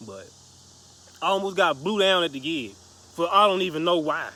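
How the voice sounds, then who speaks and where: A man's voice: on the high side, lively intonation, moderate pace, sharp tone. A man casually telling a story to the camera, profane and slangy, rambling with restarts. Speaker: vlogger.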